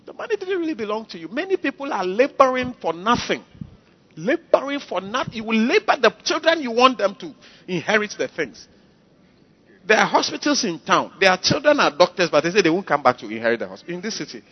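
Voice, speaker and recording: A man preaches with a high, animated voice that swoops up and down as he drives his points home. He repeats key phrases for the congregation. The recording sounds dull and lo-fi. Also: fairly quick. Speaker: pastor. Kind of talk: sermon.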